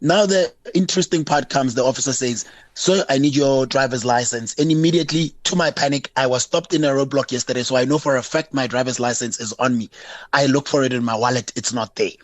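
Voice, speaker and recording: South African man, caller, animated storytelling, middle pitch, dry sound. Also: fairly quick, dry recording. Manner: animated storyteller, acting out both sides of a dialogue. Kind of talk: recounting a personal incident on radio.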